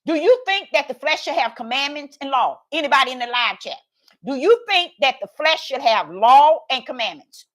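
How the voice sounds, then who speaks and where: High-voiced preacher woman questioning her chat. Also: lively intonation, normal speed, fairly bright tone. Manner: preachy call-and-response, asking the chat questions. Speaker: online preacher. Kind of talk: livestream Bible teaching.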